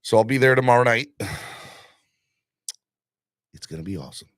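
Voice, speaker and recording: A man's voice: mid-range voice, very animated, normal speed, long pauses, no echo, studio quality. A man hosting a casual live-stream sports chat, hyped up, rambling with fillers and pushing viewers for likes and donations. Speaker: livestream host.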